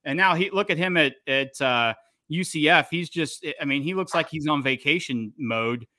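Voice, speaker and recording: A man hosting a podcast, giving opinionated, animated takes in casual chat. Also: on the high side, moderate pace, no echo, studio quality. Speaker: podcast host.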